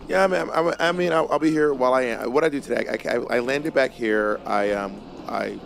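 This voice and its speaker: A man with a gravelly, creaky voice chats casually as a co-host. He talks in an animated, emphatic way and often restarts his sentences. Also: medium pitch, fairly quick, soft background music. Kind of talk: casual chat.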